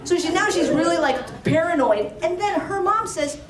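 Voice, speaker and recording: A woman telling a true story at a live storytelling event, chatty and animated with lots of "like.". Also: very high voice, normal speed, slight background noise. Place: storytelling stage before an audience. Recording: roomy, distant live-stage mic.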